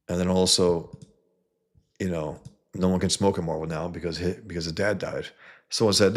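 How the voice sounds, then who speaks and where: A deep-voiced man from New York talks through a comic book on a casual live stream. His husky voice catches in a stutter, mostly on S sounds, and his manner is blunt and profane, full of enthusiasm. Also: fairly even intonation, normal speed.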